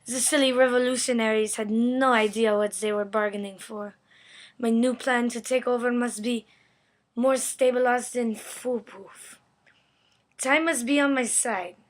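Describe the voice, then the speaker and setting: Woman playing a slow scheming exiled emperor. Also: a little high. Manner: scheming, deliberate. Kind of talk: school history role-play.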